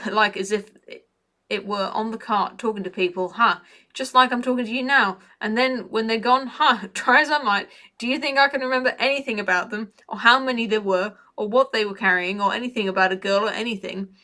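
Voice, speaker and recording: A woman's voice: a little high, fairly quick, pushed and bright. A woman voicing a frightened male cart driver who rambles nervously with jittery laughs. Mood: babbling nervously.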